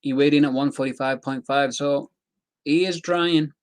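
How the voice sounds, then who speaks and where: A man's voice: a little high, fairly even intonation, moderate pace, dry recording. A young man giving casual, rambling commentary on fight news, talking loosely with slang and fillers.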